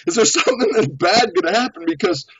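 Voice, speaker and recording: A man's voice: high voice, animated, fast, fairly bright tone, husky, no echo. A man guesting on a show, telling a story in a casual, laughing way. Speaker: beekeeper guest. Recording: dull lo-fi audio.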